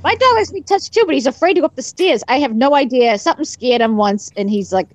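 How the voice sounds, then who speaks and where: High, lively woman chatting. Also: fast talker. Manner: animated, laughing. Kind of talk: casual chat.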